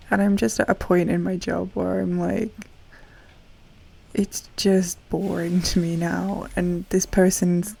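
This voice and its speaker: A woman's voice: fairly low pitch, creaky, mellow. A woman in her thirties streaming and chatting casually, sleepy, chatty and self-deprecating, often laughing mid-sentence. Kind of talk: casual chat while gaming. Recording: music playing faintly behind.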